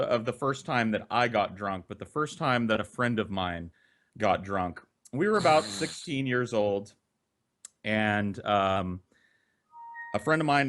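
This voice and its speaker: A young man telling rowdy stories on a podcast in a casual, profane way, acting out the voices of the people in them. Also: fairly low pitch. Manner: animated, profane, acts out quoted voices. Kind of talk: casual storytelling.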